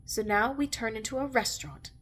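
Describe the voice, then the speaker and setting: Picture a stern, sharp-tongued witch from a storybook read aloud, her words clipped and dry, as a woman puts her on. She sits a touch high in pitch and answers in short, sardonic bursts. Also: a little fast, slight background noise, close to an everyday voice. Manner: curt, sardonic.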